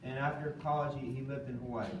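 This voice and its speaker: Animated man quizzing a seminar audience. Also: medium pitch, fast, noisy background. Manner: animated, quizzes the audience, keeps asking "okay?". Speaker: seminar speaker. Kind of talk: motivational training talk. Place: room with a live audience. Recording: echoey room from far off.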